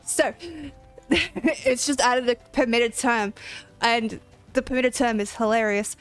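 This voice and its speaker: A woman's voice: fairly high pitch, slow pace, smooth, soft background music. A woman streaming a game, chatting in a casual, rambling way and giggling often. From Australia. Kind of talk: casual livestream chat.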